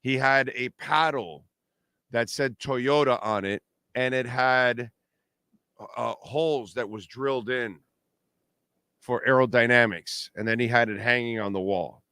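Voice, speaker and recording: A brash, trash-talking middle-aged man hosts a postgame sports show. His voice is smooth and resonant, and it sounds close and dry with no room around it. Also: medium pitch, a little slow, long pauses, pushed and bright, no room sound. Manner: brash, trash-talking, reads sponsor plugs and super chats. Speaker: sports talk show host. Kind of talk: casual postgame livestream talk.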